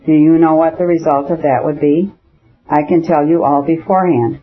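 Brief: a male reader doing a proud, anguished noblewoman, raised and husky, in a dull lo-fi audiobook take. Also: fairly high pitch, fairly even intonation, moderate pace, natural voice. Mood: ironic. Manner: ironic, then pleading and tender. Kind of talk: audiobook dialogue.

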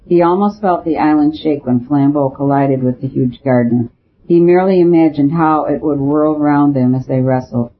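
A man reading an audiobook as narrator, with a steady, even storytelling delivery. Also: a little high, moderate pace. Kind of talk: scripted narration. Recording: tinny phone-like audio.

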